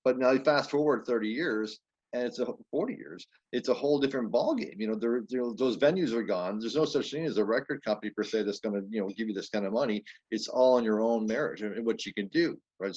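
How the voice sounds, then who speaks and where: A male podcast host talks quickly and casually, posing long questions to his guest. His voice sits somewhat low. The recording is dull and lo-fi. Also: darkish tone. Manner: chatty, fast-talking. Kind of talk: casual interview talk. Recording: dull lo-fi audio.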